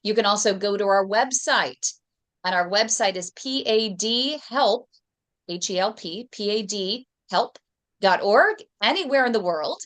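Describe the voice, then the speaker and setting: A woman host with a medium-pitched voice speaks on a video call. She explains things clearly and instructively, spelling out details for viewers. Her delivery is steady and informative. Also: unhurried. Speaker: host of health advocacy show. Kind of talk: host interview and public health message.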